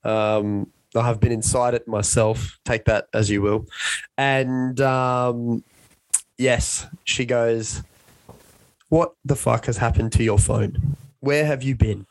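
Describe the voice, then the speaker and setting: A man in his young adult years tells a long, rambling story at an easy, self-mocking pace. His voice sits at a middle pitch and is recorded close and dry, with no room sound around it. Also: steady tone, slow pace, no room sound. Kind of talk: casual storytelling chat.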